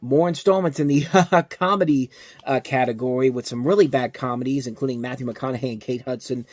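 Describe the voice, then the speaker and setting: A film review show host with a mid-range voice talks fairly quickly in a casual movie review monologue, with no room sound. He rants in an animated, exasperated way, constantly interrupting and restarting his own sentences.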